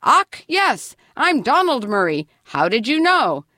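A woman voicing a friendly young male farmer who greets people brightly. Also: fairly high pitch, sing-song, takes it slowly, no room sound, voice pushed up, heavily acted.

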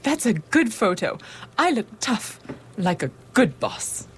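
Woman acting a vain bossy manager, high voice, lively swoops, brisk, faint music behind. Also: slight background noise. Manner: self-important, brisk and showy. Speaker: construction company manager.

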